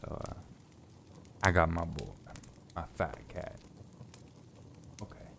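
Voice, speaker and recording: A man's voice: low-pitched, slow, a bit bright, a little hiss or hum. A man chatting casually on a live stream from a home closet, laid-back and joking, swearing freely, a little stuffy from sinus trouble.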